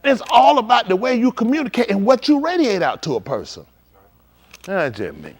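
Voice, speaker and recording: A man preaching in a casual, conversational style, swinging from quiet to loud and acting out conversations. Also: high voice, moderate pace, slightly rough. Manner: animated, shifting between quiet and loud, acts out dialogue. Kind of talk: livestreamed sermon.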